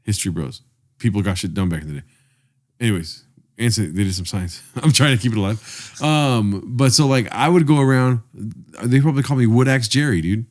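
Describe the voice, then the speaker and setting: A man's voice: on the low side, fairly quick. A man co-hosting a podcast in casual chat, telling crude, rambling joking stories. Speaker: podcast co-host.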